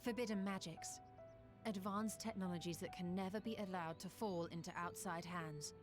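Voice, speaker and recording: A woman's voice: on the low side, steady tone, moderate pace, music in the background, close to an everyday voice. An actress playing a serious woman sharing secretive information in a video game. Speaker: game character. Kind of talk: game dialogue.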